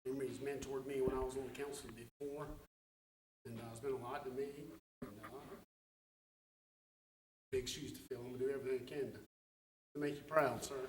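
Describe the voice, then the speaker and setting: A man, a town councilman giving an emotional, halting speech at a council meeting, his voice catching. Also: medium pitch, bright, forceful tone, slight background noise, poor audio. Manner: halting, many fillers.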